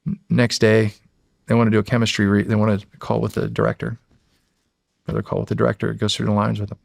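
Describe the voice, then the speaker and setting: Talking fast in a lowish, gravelly voice, a US man in his forties guests on a podcast and spins a casual, animated story. He voices what others said and swears freely, and the sound is clean studio quality without echo.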